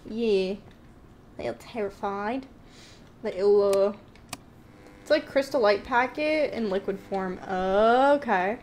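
Taking it slowly and pausing often, a woman with a mid-range voice comments live on the horror game she's streaming, with a little hiss or hum in the background. She jokes nervously with her viewers while admitting she's frightened.

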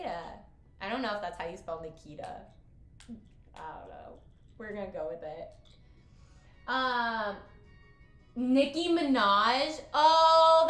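A woman streaming a game with casual commentary, excitable and giggly, breaking into loud squeals. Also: high-pitched, roomy sound.

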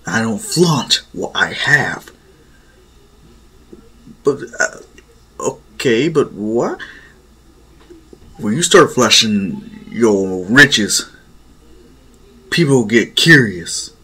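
A man's voice: fairly low pitch, lively intonation, drawn-out words, pauses often, sharp tone, breathy edge, heavily acted. A man voicing a flustered young male hero who stammers nervously and slips into mock gangster talk. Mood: mock tough.

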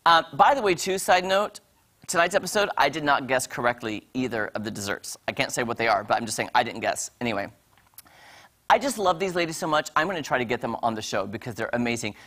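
A woman on a morning TV show chatting about series she has watched, gushing and animated, full of quick asides. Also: a bass voice. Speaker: entertainment reviewer on a morning show. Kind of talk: casual TV review chat.

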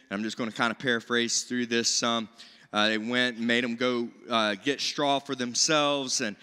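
A man preaching a sermon in a church, animated, with rising emphasis and paraphrased voices of biblical people. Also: medium pitch, clean tone. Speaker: pastor. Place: church sanctuary. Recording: church hall reverb.

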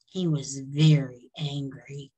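A woman storyteller reading a children's book aloud in a slow, expressive way. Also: extremely low pitch, slightly rough, low-quality recording.

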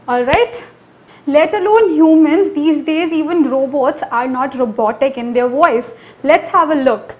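High-voiced Indian English woman tutor. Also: a little slow. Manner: energetic, emphatic teaching with promotional pitches. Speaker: IELTS tutor. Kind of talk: online lesson.

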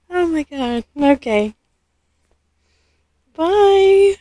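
A woman vlogging an unboxing, gushing and halting, often losing her words. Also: on the high side, dry recording. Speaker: vlogger unboxing a reborn doll. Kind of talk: casual unboxing vlog.

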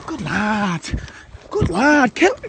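A man playing an army instructor in a comic training sketch, coaxing and joking, with sudden excited yells. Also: high voice, takes it slowly, a little hiss or hum. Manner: jokey, coaxing, bursts of excited yelling. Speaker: army instructor in a comedy clip.

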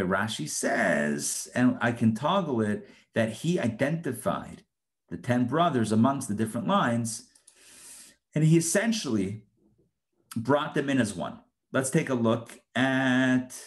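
A man, a rabbi, teaching an informal live Torah lesson in an animated, conversational way, often acting out the quotes. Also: medium pitch. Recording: roomy echo.

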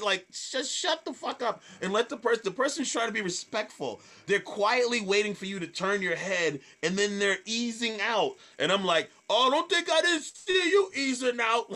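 A man, a comedian, telling stage stories in casual chat, swearing freely and acting out hecklers in loud voices. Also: medium pitch. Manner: animated storyteller, acts out hecklers in loud voices. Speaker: stand-up comedian guest.

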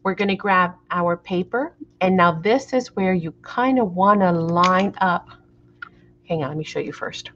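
Speaking at a measured pace, this middle-aged woman has a fairly low, slightly bright voice and runs a live craft tutorial recorded in dull lo-fi. She chats, frequently checks in with her audience, and sounds apologetic and flustered about how the camera is framed.

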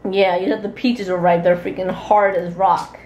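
A woman's voice: on the low side, level tone, normal speed, a little mellow, echoey room, highs cut off, slight background noise. A young woman vlogger chatting casually, teasing and laughing often. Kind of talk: casual chat.

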